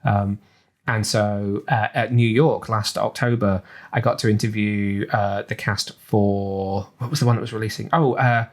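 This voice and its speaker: A man's voice: on the low side, steady tone, a little slow. A man with an English accent, chatting on a podcast and rambling with lots of ums and restarts. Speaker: podcast co-host. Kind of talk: casual chat.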